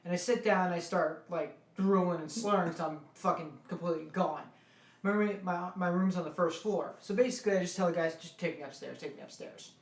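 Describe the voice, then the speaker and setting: A man's voice: sits high, fairly even intonation, brisk. Brash young man in an echoey room. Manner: brash, profane, punchy delivery. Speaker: guest. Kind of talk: casual storytelling.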